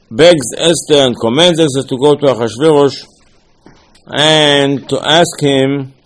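A man's voice: medium pitch, poor audio. A man giving a rambling Torah lesson. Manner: conversational, repeats himself, frequent restarts and fillers; mixes Hebrew and Aramaic terms into speech.

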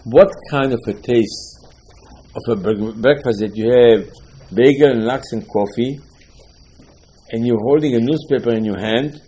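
An older male rabbi gives a Torah lecture, his showing through. His voice is husky and warm, and he tells stories with emphatic repetition, acting out the quotes. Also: mid-range voice, unhurried, poor audio.

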